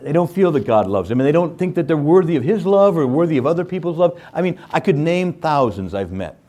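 Man preaching, lively swooping voice, somewhat high, keeps asking right, animated bible teaching. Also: a little fast. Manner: animated, jumps into playful voices, asks "right?". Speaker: priest teaching scripture.

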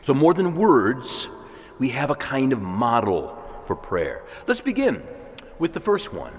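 A male priest giving a sermon in a conversational way, with asides and soft laughs. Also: medium pitch, wildly swooping pitch, measured pace. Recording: long reverb of a church hall.

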